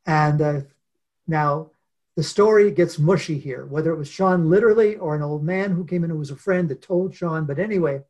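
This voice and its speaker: Man, interview guest, earnest, unhurried, frequent pauses, slightly high pitch. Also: darkish tone. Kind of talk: reflective storytelling in conversation.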